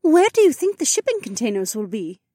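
A man's voice: extremely high pitch, huge pitch swings, brisk, mellow, no echo, clean studio sound, voice pushed up, full character voice. A man voicing a refined-accented young woman in an audiobook. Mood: curious.

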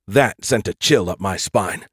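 A man narrating a first-person science fiction audiobook in a steady, earnest storytelling voice. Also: lowish voice, normal speed, dry recording, clean studio sound.

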